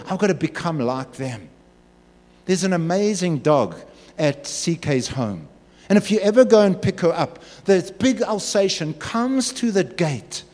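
A man preaching a sermon in an animated way, acting out voices and jokes. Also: high voice. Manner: animated, acts out voices and asides. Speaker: pastor. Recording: echoey hall.

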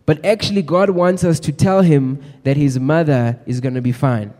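A man delivers a sermon with earnest, exhorting energy, calling out questions to the congregation. His voice is mellow and fairly high for a man, and it rings through a church hall with a long reverb. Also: fairly even intonation, moderate pace. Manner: earnest, exhorting, addresses the crowd directly. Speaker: preacher. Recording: echoey hall.

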